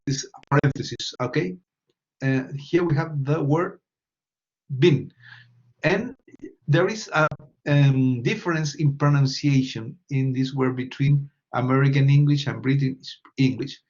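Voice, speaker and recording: Slow, patient male teacher. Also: fairly high pitch, a little mellow, muffled recording. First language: Spanish. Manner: patient, repeats questions and prompts students. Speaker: English teacher. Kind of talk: classroom English lesson.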